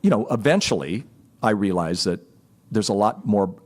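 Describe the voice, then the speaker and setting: Lively storytelling middle-aged man. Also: on the low side, normal speed. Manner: animated, self-deprecating storyteller. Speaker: marriage guest expert. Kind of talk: storytelling in a podcast conversation.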